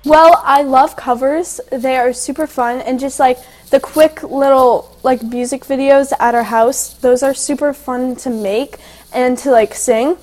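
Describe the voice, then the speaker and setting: A teenage girl with a high voice talks in a relaxed interview. She keeps stringing thoughts together with "like" and "um," and she grows excitable as she tells stories. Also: measured pace. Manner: chatty, filler-heavy, excitable storytelling. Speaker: guest, young singer and actress. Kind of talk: casual interview chat.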